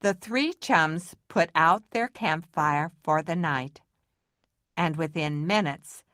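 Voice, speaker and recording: A woman reads a children's picture book aloud, taking her time with every phrase. Her pitch sits in a middle range. The sound is dry and close, with no room echo. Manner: slow and expressive. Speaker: storyteller. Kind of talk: children's story read-aloud.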